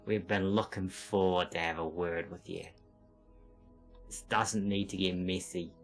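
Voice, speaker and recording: A smug space pirate captain hails his prey in a low, silky, menacing drawl, as a man puts him on. The voice sits deep and steady, with a faint bed of game music behind it. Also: unhurried, creaky. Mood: smug threat. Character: smug male pirate captain hailing over comms.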